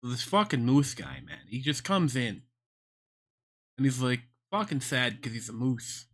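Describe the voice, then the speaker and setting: A young man livestreaming, rambling through a deadpan absurd bit with plenty of swearing. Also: medium pitch, a little slow. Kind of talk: rambling joking stream chat.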